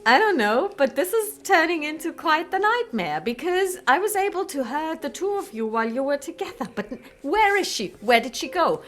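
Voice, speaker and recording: A woman's voice: high voice, big pitch swings, moderate pace, few pauses, fairly bright tone, faint music behind, voice pushed up. A woman voicing an anxious character close to a nervous breakdown, speaking in a panicky, exasperated way.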